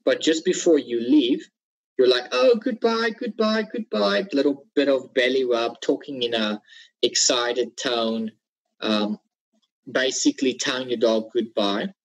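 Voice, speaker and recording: Male trainer, husky voice, plain webinar lecture delivery. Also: mid-range voice, fairly even intonation, measured pace, rough recording. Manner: instructive, repeats key points, some fillers. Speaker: dog trainer.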